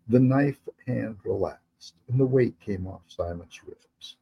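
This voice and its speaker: A man, the author, reading his historical fantasy novel aloud in steady, measured narration. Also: fairly low pitch, creaky, slightly rough, rough recording.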